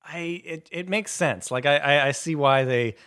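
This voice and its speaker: A man joining a casual podcast chat who talks haltingly, with many restarts. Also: a little high, a bit bright, clear, resonant tone. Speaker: podcast guest.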